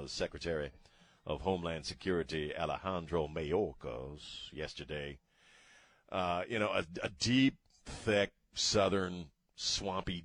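A man's voice: sits low, fairly bright tone, no echo. A man from Maryland hosting a talk radio show, rambling and emphatic with plenty of fillers. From Maryland, USA. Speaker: radio host.

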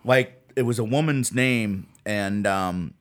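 A man's voice: fairly low pitch, takes it slowly. A man co-hosting a casual podcast, telling a story in a rambling way full of fillers and restarts. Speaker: podcast co-host.

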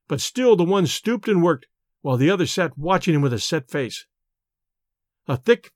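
A man reading a classic ghost story aloud in a measured, expressive way and hosting the show. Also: a little high, no room sound, studio quality. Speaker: narrator and podcast host.

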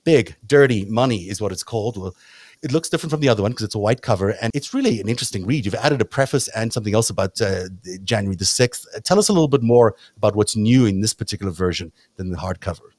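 A man with a South African accent hosting a talk show, speaking in a relaxed, chatty way. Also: fairly low pitch, fast talker, no room sound. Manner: relaxed and chatty, leans on "you know" fillers. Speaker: host. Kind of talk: casual talk-show chat.

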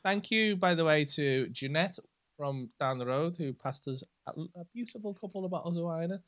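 A man's voice: on the high side, lively intonation, moderate pace, fairly bright tone, no room sound, clean studio sound. A man co-hosting a podcast, chatting casually and teasing after a few drinks. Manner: tipsy, teasing banter. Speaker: podcast co-host. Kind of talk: casual chat.

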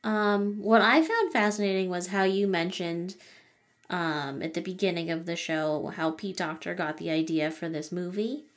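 A woman's voice: fairly low pitch, normal speed. A woman co-hosting a casual movie review podcast, chatty and filling her sentences with "like". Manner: chatty, leans on "like" as filler. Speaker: podcast co-host.

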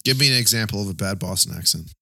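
A man's voice: on the low side, racing, creaky, sharp tone, no room sound. A man co-hosting a casual movie podcast, dramatic and exasperated, swearing freely. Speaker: podcast co-host.

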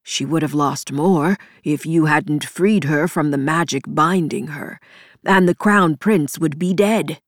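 A woman reader puts on a gentle but firm man who soothes a distressed companion, pitched a touch lower than her narration. He speaks very slowly and softly, in a dry, close storybook recording. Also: no room sound. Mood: calm. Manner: soft, careful, soothing. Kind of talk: audiobook character voice.

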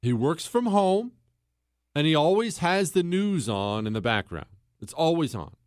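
A young male podcast host with a fairly high voice, talking straight into a dry, close recording. He delivers political commentary in an emphatic, rhetorical monologue, repeating key words and firing questions at his listeners. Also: big pitch swings, unhurried, no echo.

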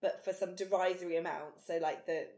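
A woman's voice: on the low side, fairly even intonation, brisk, dark tone. Chatty British woman recapping a show. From Britain. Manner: chatty, recaps the plot with many fillers. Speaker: podcast co-host. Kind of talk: casual chat recapping a TV episode. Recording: roomy echo.

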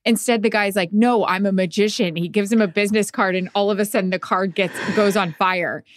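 Young adult woman, podcast co-host; easygoing storyteller, mid-pitched, close and dry. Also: a little fast, dry recording. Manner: relaxed anecdotal, fillers and laughs. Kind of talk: casual chat.

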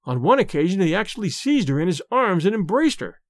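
Agitated middle-aged landlady, played by a male reader; high, swooping, dry audiobook sound. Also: very animated, fairly quick, dry recording. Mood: grave. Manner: anxious, earnest pleading. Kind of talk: audiobook reading.

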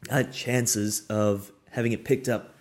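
Male host, lowish voice, casual recaps, some stumbling restarts. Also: steady tone, slow pace. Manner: recaps guest's points, hesitant restarts. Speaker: podcast host. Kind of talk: casual interview chat.

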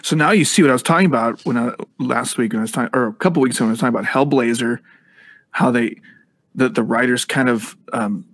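A man's voice: medium pitch, quick pace, no echo. A man chatting casually as a podcast co-host, loose and easygoing in how he talks. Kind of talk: casual chat.

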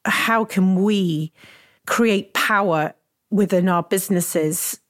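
A woman's voice: medium pitch, slow, no room sound, studio quality. A woman hosting a podcast, effusive and emotional, sometimes stumbling over her words. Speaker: podcast host. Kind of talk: podcast interview.

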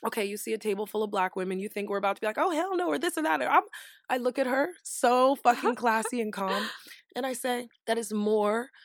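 A young woman co-hosting a casual chat, telling a story with animated acted-out quotes and plenty of swearing. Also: fairly high pitch, fast talker, no room sound, clean studio sound. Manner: animated, acts out quoted voices, swears freely.

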